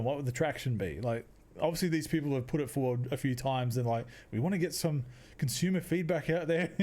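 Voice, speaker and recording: A man's voice: medium pitch, darkish tone. A young man hosting a casual solo podcast, rambling, laughing often and restarting his sentences. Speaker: podcast host.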